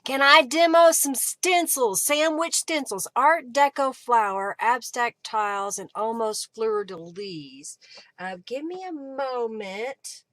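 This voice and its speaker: A woman's voice: a little high, animated, slow, fairly bright tone, no echo. A woman hosting a live crafting stream from her home craft room, chatting casually and thinking aloud as she rummages for supplies. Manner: chatty and rambling, thinks aloud while searching. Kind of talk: casual live demo chat.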